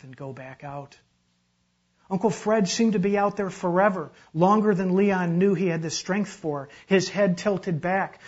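A man reads a literary story aloud with measured, dramatic narration. His voice sits slightly high for a man, and the recording has a dull, lo-fi quality. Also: breathy edge. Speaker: reader.

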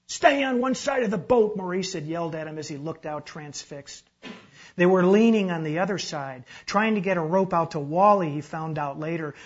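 Measured male literary narrator. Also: fairly high pitch, breathy edge. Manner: measured, dramatic reading. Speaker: reader. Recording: dull lo-fi recording.

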